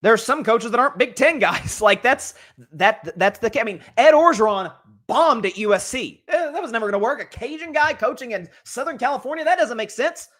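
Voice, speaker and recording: A man's voice: extremely high pitch, animated, fairly quick, a bit bright. Rambling man hosting a sports show. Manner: rambling, conversational, many restarts and asides. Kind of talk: college football commentary.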